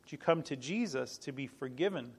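Here a middle-aged pastor's sermon comes out brisk, with lively intonation and a breathy edge to his medium-pitched voice. He's emphatic and sincere, repeating key phrases, restarting often and laughing softly along the way.

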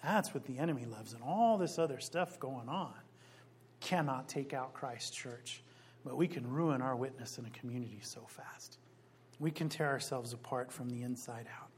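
A man preaching a sermon as a pastor, emphatic, slowing down on key phrases and rising loud when he quotes scripture. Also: mid-range voice, slight background noise.

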